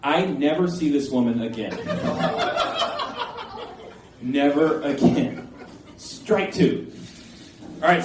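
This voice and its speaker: Man in his late 20s, rambling self-mocking comic storyteller on a live stage, slightly raised voice, echoey room, heard from a distance. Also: high-pitched. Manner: loose, rambling and self-mocking, with many filler words. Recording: echoey room, voice from a distance, faint background noise.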